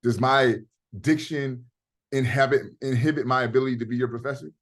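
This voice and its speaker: A man's voice: medium pitch, fairly quick. A middle-aged man teaching a class over a video call, talking in a casual, direct way and swearing freely. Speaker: professor. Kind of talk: online class lecture.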